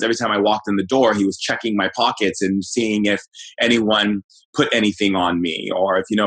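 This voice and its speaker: A middle-aged man with a fairly low, husky voice tells a personal story as an interview guest. He talks loosely, searching for words and restarting sentences, in an easygoing conversational manner. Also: poor audio. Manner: relaxed, conversational recounting. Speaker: shaman guest.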